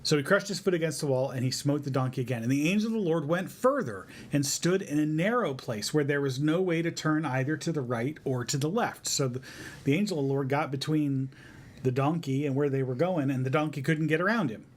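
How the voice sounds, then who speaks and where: Lively storytelling dad, slightly high voice. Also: male voice, brisk. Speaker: father teaching his son. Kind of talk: family Bible devotion, retelling a story.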